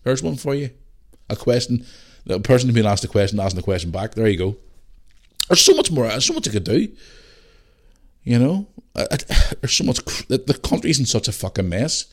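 A middle-aged man with a Northern Irish accent hosting his own podcast alone, ranting bluntly with lots of swearing and tired from a rough day. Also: mid-range voice, big pitch swings, brisk, pauses often. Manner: blunt and sweary, rambling rants. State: tired, yawning. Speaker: podcast host. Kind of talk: casual solo podcast chat.

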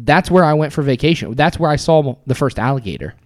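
A man with a fairly high voice chatting on a podcast, playful and eager to cut in. His pitch moves a lot as he tells his stories. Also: animated, fast. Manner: playful, jumps in to quote movies. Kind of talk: casual chat.

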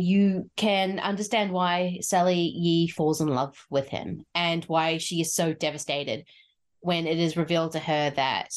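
A woman hosting a film podcast, chatting casually and enthusiastically about movies, often laughing and acting out lines from scenes. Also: fairly low pitch. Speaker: podcast host.

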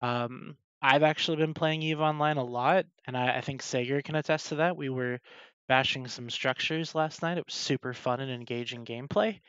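A man's voice: medium pitch, fairly bright tone, smooth, no room sound, dull audio. A man hosting a casual livestream talk show about an online game, swearing freely and cutting in on his co-hosts. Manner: casual, swearing, quick to cut in.

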